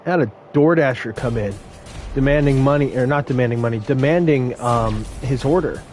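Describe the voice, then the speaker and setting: A young man telling brash, animated stories about run-ins with customers at his fast food job. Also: medium pitch, soft background music. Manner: brash, animated retelling of confrontations. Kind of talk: casual storytelling vlog.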